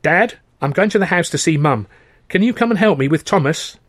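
A man voicing a worn-out, harassed young mother who speaks in a tired, hurried, high voice. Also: animated. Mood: weary, hurried.

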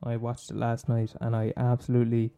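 A man's voice: mid-range voice, monotone, brisk, creaky, warm tone, clean tone. An Irish man hosting a podcast, rambling in a casual monologue, swearing, laughing and teasing his listeners. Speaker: podcast host recommending films.

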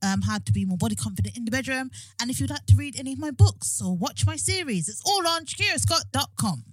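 A woman's voice: high voice, lively intonation, fast, breathy edge, dry recording, clean studio sound. A young woman, co-hosting a podcast, teasing and chatty in casual talk. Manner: teasing, laughs often, short replies. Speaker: podcast co-host. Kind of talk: casual chat.

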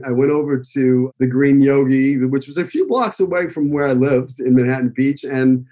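In dull audio, a man with a New York accent speaks in a fairly high, slightly mellow voice. He owns an acting school and is giving a tribute, a heartfelt personal speech that is emotional, rambling and packed with fillers.

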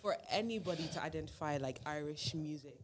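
A host leading a casual group discussion, asking probing questions in a quick, loose way. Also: mid-range voice, heavy background noise. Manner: rapid, probing questions, many "like" fillers.

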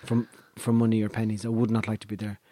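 A man's voice: lowish voice, monotone, fast, dark tone, no echo. Irish guy rambling and stammering, swears a lot, dry close mic. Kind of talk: casual chat.

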